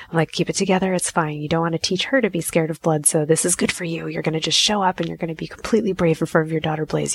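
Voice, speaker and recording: A woman in her thirties casually telling a personal story, animated and self-mocking, acting out her own inner voice. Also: deep voice, fast talker, gravelly, hardly any pauses, breathy edge.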